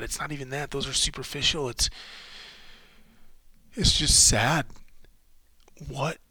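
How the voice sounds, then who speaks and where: A man hosting a solo podcast, rambling in halting, profane restarts while emotionally shaken and close to tears. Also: mid-range voice, creaky, pushed and bright, husky, no echo. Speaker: podcast host.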